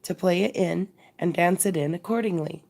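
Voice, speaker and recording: A woman's voice: lowish voice, normal speed, vocal fry, a little mellow. A woman reading the lines of a slightly drunk male drummer giving a friendly speech. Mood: rousing. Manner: rousing speechmaking.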